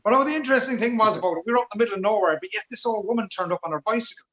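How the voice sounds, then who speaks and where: A man's voice: high voice, racing, bright, forceful tone, poor audio. An Irish man doing stand-up over a video call, telling a long rambling story with stammered restarts and chuckles. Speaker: stand-up comedian.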